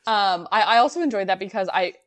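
A woman's voice: medium pitch, fast, fairly bright tone. A woman co-hosting a podcast, chatting casually about a sitcom episode, laughing often and trailing off mid-thought. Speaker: podcast co-host.

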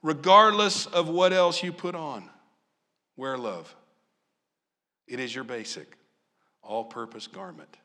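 A man's voice: mid-range voice, takes it slowly, pauses often. A man from Southern Illinois preaching a sermon as pastor, asking his congregation question after question. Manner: animated, asks the congregation questions.

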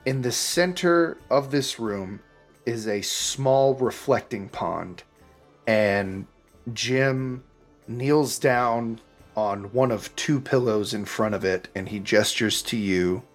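A man narrating a tabletop game as game master, relaxed and a bit hesitant, with frequent restarts. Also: mid-range voice, slow pace, faint music behind.

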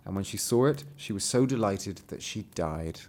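A man's voice: on the low side, lively intonation, normal speed, darkish tone, a little hiss or hum. A man hosting a podcast, reading a fairy tale aloud with dry, wry asides. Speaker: podcast host.

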